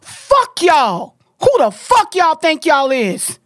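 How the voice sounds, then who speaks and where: A woman. She rants loudly and profanely, with heavy emphasis. The sound is close and dry. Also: high-pitched, wildly swooping pitch, slow pace, no room sound. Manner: loud, profane, forceful, emphatic. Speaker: podcast host. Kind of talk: heated podcast rant.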